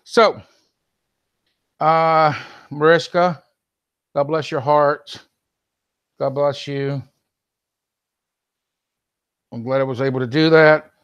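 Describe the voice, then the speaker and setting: A man's voice: fairly high pitch, fairly even intonation, a little slow, fairly bright tone, clean tone, dull audio. A man hosting a live call-in stream, talking casually and addressing viewers and moderators directly.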